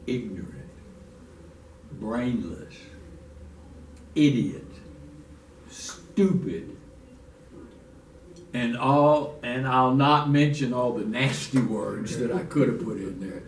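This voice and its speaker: A man teaching a church Bible lesson in a folksy, restarting way, reading scripture aloud. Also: medium pitch. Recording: echoey room from far off, faint noise.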